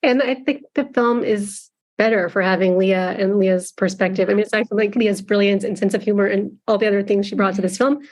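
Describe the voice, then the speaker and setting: A woman film director, interviewed as a guest in a casual conversation, speaks earnestly and reflectively, with some restarts. Her voice is medium-pitched, steady, and darkish, delivered briskly with few pauses.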